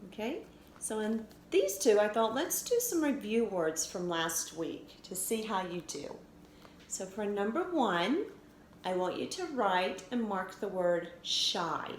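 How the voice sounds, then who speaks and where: A woman teacher giving a recorded phonics lesson for children, sounding out letters slowly and clearly. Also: medium pitch, animated. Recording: echoey room with faint noise.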